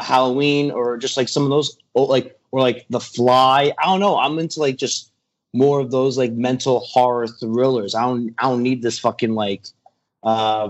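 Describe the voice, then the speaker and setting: A man's voice: mid-range voice, lo-fi sound. A young man co-hosting a podcast movie review, blunt and profane, often restarting his sentences. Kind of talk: casual chat.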